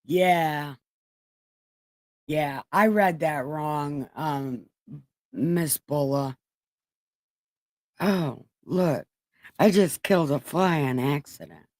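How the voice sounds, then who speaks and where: A woman in her forties hosting a livestream in casual, joking chat, swearing freely and laughing often, with a flat, robotic-sounding voice. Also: sits low, extremely slow, long pauses, no room sound, poor audio. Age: 40s. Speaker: livestream host.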